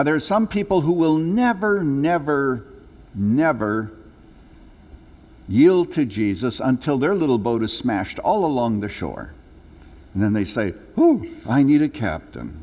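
An older man preaching a sermon to his congregation, telling stories earnestly, rising for emphasis and then dropping low and slow. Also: a little mellow. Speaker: pastor. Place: church sanctuary. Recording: long hall reverb.

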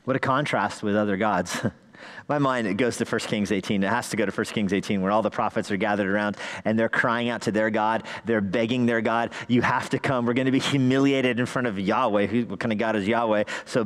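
Male pastor, mid-pitched, rhetorical and emphatic delivery, long church-hall reverb. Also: normal speed. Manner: rhetorical questions, rising emphasis. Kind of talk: sermon. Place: church sanctuary.

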